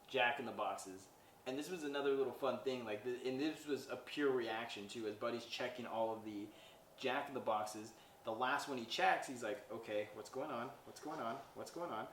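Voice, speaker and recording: A podcast host with a mid-range, slightly bright voice recaps a movie in a loose, rambling way, retelling scenes with lots of "he's like" and acted-out quotes. The room is echoey, the mic is at a distance, and there's a little hiss or hum.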